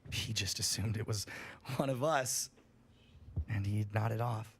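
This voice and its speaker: A young man reading a scary story aloud on a livestream, in a profane, animated storytelling manner. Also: on the low side, measured pace, a little hiss or hum.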